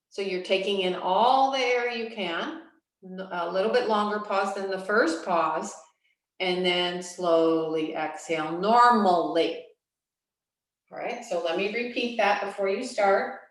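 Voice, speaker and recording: A woman, a yoga teacher, guiding a breathing practice with slow, calm, soothing instructions and long pauses. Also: mid-range voice. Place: yoga studio. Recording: very echoey room, voice from a distance.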